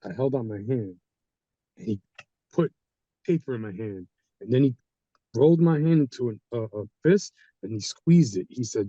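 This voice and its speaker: A man's voice: medium pitch, normal speed, pauses often, dry recording, highs cut off. A man telling a personal story in casual talk, acting out the people he quotes. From Haitian community. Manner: animated, acts out quoted people. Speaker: guest storyteller. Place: studio.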